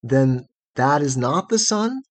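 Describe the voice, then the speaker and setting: A man reading aloud and voicing an innocent, curious young girl who grew up in darkness, speaking gently and earnestly in a husky voice. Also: fairly high pitch, big pitch swings, measured pace, voice pushed up, exaggerated voice. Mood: gentle, wondering.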